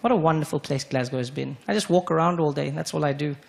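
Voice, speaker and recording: A man from Africa, performing an animated stand-up comedy set on a club stage. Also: fast, vocal fry. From South Africa. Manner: animated, with sudden high-pitched jumps for emphasis. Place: comedy club stage before a live audience. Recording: noisy live club recording.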